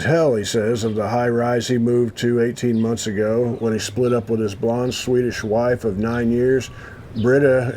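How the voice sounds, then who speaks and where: A man's voice: medium pitch, warm tone, a little hiss or hum. A man hosting a casual chat, reading an old magazine article aloud and breaking off to add his own comments. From United States. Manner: reads haltingly, stops to comment. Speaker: host.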